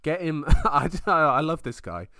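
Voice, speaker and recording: An excitable man co-hosting a casual fight podcast, his voice leaping up and down as he runs through results. He laughs often and swears freely. The sound is close and dry. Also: on the high side, a little slow, no echo. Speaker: podcast co-host.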